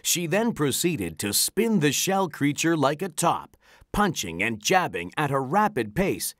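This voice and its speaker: A narrator reading a children's storybook aloud in an animated, expressive way. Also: medium pitch, no echo, clean studio sound.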